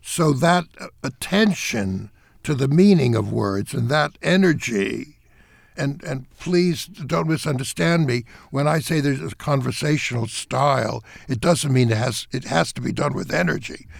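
An older man, a theater director, giving interview answers in an emphatic, animated way. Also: mid-range voice, measured pace, creaky, no echo, studio quality.

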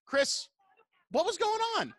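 A man's voice: very high voice, very animated, slow pace, bright, forceful tone, no room sound. A man hosting a casual podcast chat, laughing often and telling stories with swearing. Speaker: podcast host.

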